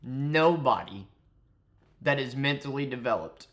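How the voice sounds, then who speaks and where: A man's voice: medium pitch, expressive, normal speed, fairly bright tone. A man ranting angrily in a commentary vlog, profane and mocking. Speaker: commentary vlogger.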